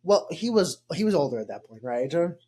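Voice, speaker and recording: A man's voice: a little high, sing-song, brisk, warm tone, slightly rough. A young man hosting a podcast in casual chat, rambling and joking with lots of fillers. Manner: rambling, jokey, filler-heavy. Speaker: podcast host.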